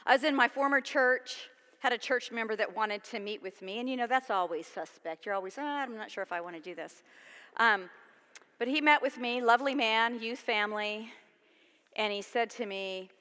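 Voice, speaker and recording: Bright-voiced woman preaching in a reverberant church. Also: fairly high pitch, normal speed. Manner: conversational, emphatic preaching with rhetorical questions. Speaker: pastor. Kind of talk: sermon. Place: church sanctuary.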